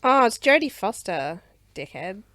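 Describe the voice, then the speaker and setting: Lively sweary woman co-host. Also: medium pitch, measured pace, no echo, clean studio sound. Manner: joking, sweary, acts out mock quotes. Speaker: podcast co-host. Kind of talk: casual movie review chat.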